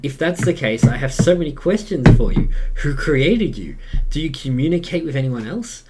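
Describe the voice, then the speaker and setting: An Australian man voicing a curious, nervous young gamer in a game, reading questions quietly. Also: fairly high pitch, lively intonation, moderate pace, very noisy, lightly acted.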